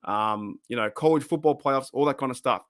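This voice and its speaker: A man's voice: mid-range voice, brisk, fairly bright tone, dry recording, studio quality. A man hosts a casual livestream, rambling and swearing as he answers chat, his voice wearing thin. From Australia. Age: 30s. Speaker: livestream host.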